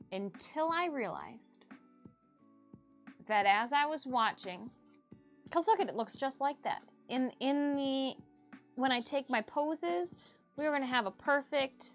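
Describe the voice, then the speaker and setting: A woman streamer in casual chat, talking in an animated way. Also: high voice. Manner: chatty and animated.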